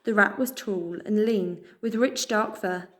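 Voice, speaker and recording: A woman with a British accent reading a children's chapter book aloud, expressive and cheerful. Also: medium pitch, unhurried. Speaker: storyteller.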